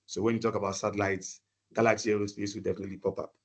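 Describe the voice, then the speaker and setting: A man giving a webinar talk over a video call, often repeating words and pausing with fillers. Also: on the low side, flat delivery. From Ghana. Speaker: webinar speaker. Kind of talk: presentation talk.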